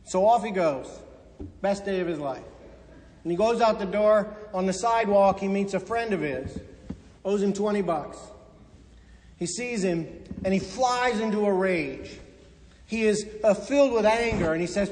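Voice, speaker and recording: A man preaching a sermon, retelling stories and quoting the figures in them, dropping soft and slow at the key points. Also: high voice, big-room sound. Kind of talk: sermon storytelling.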